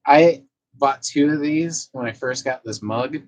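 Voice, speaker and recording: A man with a medium-pitched, slightly mellow voice speaks unhurriedly on a casual live stream, captured in a low-quality recording. He reads viewer messages aloud in a loose, profane manner and chats with his cat between comments.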